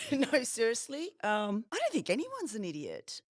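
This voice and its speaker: Woman guest on a sports podcast, giggly and cheeky, tells stories fast, dry room. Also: on the high side, no echo. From Philippines. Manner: cheeky, laughing, animated storytelling. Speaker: podcast guest, padel player. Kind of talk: rapid-fire question interview.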